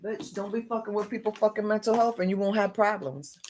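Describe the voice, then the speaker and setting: A woman's voice: medium pitch, fairly even intonation, brisk, a little mellow. A woman delivering an agitated, unscripted monologue rant, swearing constantly and repeating herself. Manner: profane, repetitive, agitated ranting.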